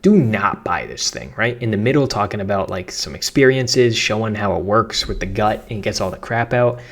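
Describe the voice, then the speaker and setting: A man's voice: on the low side, a little fast. A man with a Boston accent giving a casual how-to tutorial as a content creator, chatty and slangy, often tossing in "right?". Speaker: social media content creator.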